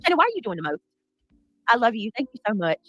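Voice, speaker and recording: Lively high-voiced woman streamer. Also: fast talker, lo-fi sound. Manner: chatty, reads out and thanks viewers. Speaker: livestream host. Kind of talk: casual livestream commentary.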